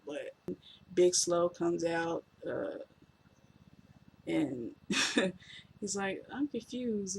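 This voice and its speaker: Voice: medium pitch, creaky, slight background noise. A reviewer giving a casual, rambling spoken recap of a wrestling show, offhand and full of fillers.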